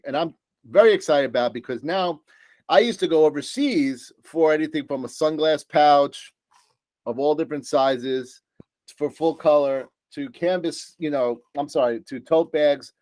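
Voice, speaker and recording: A man's voice: fairly high pitch, a little mellow, no room sound. A man with a New York accent giving an upbeat, joking sales presentation as a supplier, full of fillers and asides. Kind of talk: business presentation.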